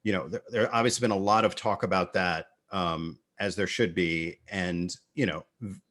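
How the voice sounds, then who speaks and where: A man hosts a conversational interview in a fairly low voice. He talks casually, winding into his questions with fillers and restarts. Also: fairly even intonation, normal speed, fairly bright tone. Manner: casual, hesitant phrasing with many fillers. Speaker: interview host.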